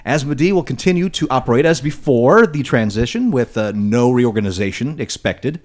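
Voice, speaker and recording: A man's voice: mid-range voice, lively intonation, normal speed. Playful male podcast host. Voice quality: playful, announcer-like segment reads. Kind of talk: hosting a comedy podcast.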